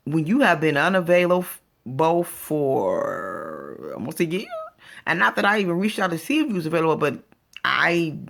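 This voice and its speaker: A woman's voice: low voice, vocal fry, fairly bright tone. A woman vlogger telling a story in a casual, exasperated rant, acting out what people said to her. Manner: exasperated, retells conversations in quoted voices.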